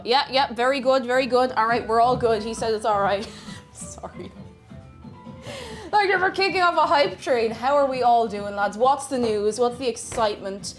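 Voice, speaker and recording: A woman's voice: a little high, moderate pace, faint music behind. Bubbly, sing-song woman streamer. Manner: bubbly and chatty, greets viewers in a sing-song way. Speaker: live streamer. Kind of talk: casual live-stream chat, reading viewer messages.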